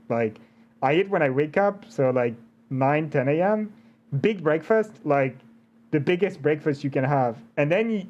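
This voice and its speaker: A young man runs a relaxed interview in a slightly high voice. He talks in loose, chatty bursts, teasing his guest and laughing often. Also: lo-fi sound. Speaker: interview host. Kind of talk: casual chat.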